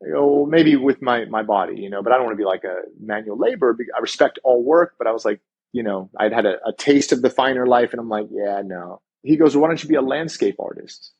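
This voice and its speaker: A man's voice: medium pitch, animated, quick pace, a little mellow, husky, muffled recording. A man, a chiropractor guest on a podcast, telling a story in casual chat and acting out the dialogue, swearing now and then.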